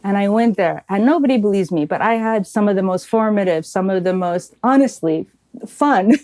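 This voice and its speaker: A woman's voice: medium pitch, moderate pace, no echo. A middle-aged woman, a nonprofit head, telling stories in a podcast interview and acting out the voices of people she quotes, laughing now and then. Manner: animated storyteller who acts out quoted voices with laughter. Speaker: nonprofit CEO, guest. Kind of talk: conversational interview storytelling.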